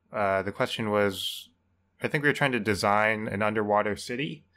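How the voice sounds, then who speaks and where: A man co-hosting a podcast, explaining his answer in a relaxed, casual way with lots of "like". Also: fairly low pitch. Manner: relaxed, explanatory, uses "like" a lot. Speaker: podcast co-host.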